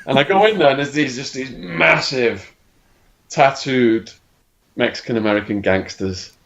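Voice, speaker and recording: A man's voice: medium pitch, normal speed, creaky, dull audio. A middle-aged English man, a podcast guest, telling a dramatic story and acting out other people's lines. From England. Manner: animated storyteller acting out quotes. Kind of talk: storytelling interview.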